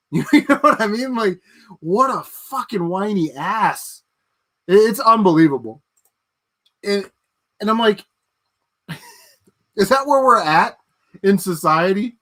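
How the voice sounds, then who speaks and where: A man's voice: high voice, lively intonation, slow pace, long pauses, bright, forceful tone. A man hosting a casual livestream, chatting with viewers and ranting with plenty of swearing and laughter. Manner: ranting, profane, laughs at his own jokes. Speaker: livestream host.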